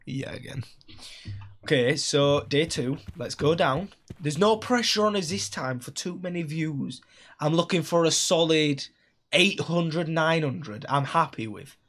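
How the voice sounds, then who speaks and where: A man's voice: a little high, lively intonation, a little slow, a bit bright. A young man streaming a game, chatting casually, repeating himself and laughing at his own jokes. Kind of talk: casual live-stream chat while gaming.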